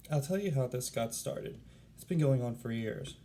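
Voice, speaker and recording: A man's voice: mid-range voice, animated, moderate pace, background noise. A male teacher giving a read-aloud lesson to children, speaking in an encouraging, upbeat way.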